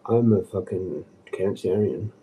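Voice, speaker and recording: A man rambling on a casual livestream, agitated and swearing, dropping to mutters and then jumping up in pitch. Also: measured pace, mellow, slight background noise. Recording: distant from the mic.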